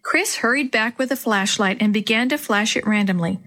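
A woman narrating a children's story aloud in a clear, even storytelling way. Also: on the high side, normal speed.

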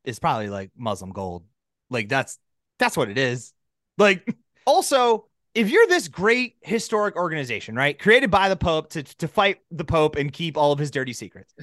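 A man co-hosting a comedy podcast, riffing loudly and jumping into high mock voices. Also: sing-song, moderate pace, no echo, studio quality. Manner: loud, ranting, jumps into high mock voices. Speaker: podcast co-host. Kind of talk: comedic banter with put-on voices.

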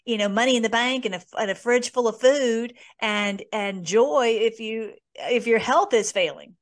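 A woman's voice: on the high side, normal speed. A woman hosting a conversational Bible teaching, reading scripture aloud and commenting earnestly with many fillers. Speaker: host.

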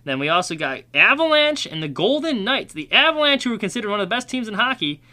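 Bright-voiced young man rambling about sports. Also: sits high, sing-song, fast. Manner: rambling, self-mocking, opinionated. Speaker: podcast host. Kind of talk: solo sports podcast rambling.

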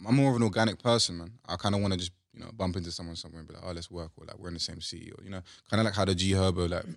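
Here is a young British man, relaxed and slangy. His voice sits low and gravelly, yet it swings widely in pitch when he gets worked up. The sound is close and dry. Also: rapid-fire, dry recording. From Britain. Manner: laid-back, slangy, laughs easily. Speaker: guest musician. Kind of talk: casual interview chat.

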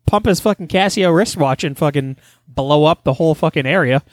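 A man's voice: fairly high pitch, a little fast, dry recording. A man co-hosting a casual podcast chat, joking loosely and swearing a lot. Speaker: podcast co-host.

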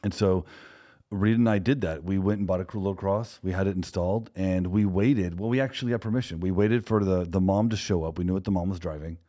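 A man's voice: sits low, brisk, mellow. A man who co-owns a security company, telling a story in conversation and acting out the dialogue of the people in it.

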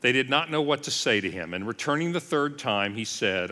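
A man's voice: mid-range voice, lively intonation, a little fast, few pauses, sharp tone, in a large hall. A man, a pastor, teaching a Bible passage in a sermon style, telling the story with casual asides and voicing the quoted lines.

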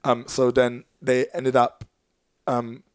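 A man's voice: medium pitch, monotone, slow, clear, resonant tone, dry recording. A man, a professional dancer and choreographer, talking earnestly in a casual podcast chat, full of fillers and restarts.

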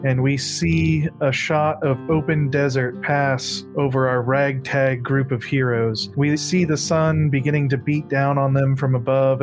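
A man running a tabletop game as game master, narrating scenes in sweeping descriptive lines with a lilt. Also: medium pitch.

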